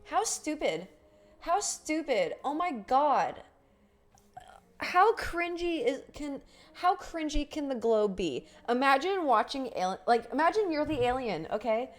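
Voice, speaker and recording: A woman's voice: sits high, big pitch swings, measured pace. A young woman streamer chatting casually on a live stream, rambling, swearing and laughing often. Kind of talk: casual livestream chat.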